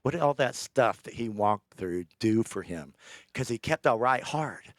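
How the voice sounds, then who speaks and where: A man preaching a sermon, telling a scripture story with animated, acted-out character lines. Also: medium pitch, a little slow, dry recording, studio quality.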